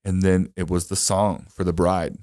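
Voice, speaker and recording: A man's voice: deep voice, flat delivery, normal speed, a little mellow, dry recording, studio quality. A young man hosting a podcast, telling a personal story in casual chat, full of fillers, restarts and the odd swear word. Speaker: podcast host.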